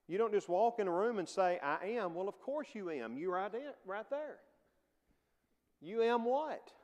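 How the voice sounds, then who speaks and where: A man's voice: high voice, darkish tone, big-room sound. A man teaching a casual Bible class in a church, talking conversationally with frequent chuckles and acting out the quoted lines.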